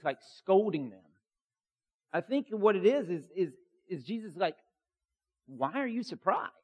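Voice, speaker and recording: A man preaching a sermon as a pastor, emphatic and conversational, with many fillers. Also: on the high side.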